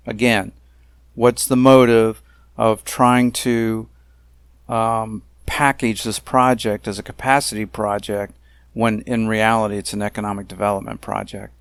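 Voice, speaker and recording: A man narrating a slideshow about a dispute, talking in a deliberate, emphatic way with frequent pauses and fillers. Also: fairly low pitch, flat delivery, clear, resonant tone, no room sound, clean studio sound. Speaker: narrator of a self-made video complaint series.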